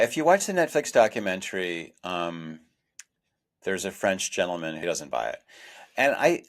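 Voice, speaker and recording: A middle-aged man co-hosting a podcast, talking reflectively and frankly, often restarting his sentences. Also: on the low side. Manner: reflective, self-deprecating, many restarts. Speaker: investigative journalist, podcast co-host. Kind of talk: conversational podcast discussion.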